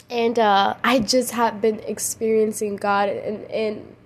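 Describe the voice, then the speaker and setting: A woman's voice: medium pitch, flat delivery, takes it slowly, few pauses. A young woman hosting a casual faith podcast late at night, tired and emotional, rambling with slang and many restarts. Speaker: podcast host.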